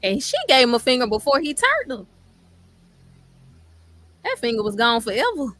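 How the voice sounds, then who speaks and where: A woman hosting a casual podcast chat, animated and talking over her guests, repeating her points. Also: a little high, moderate pace. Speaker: podcast host.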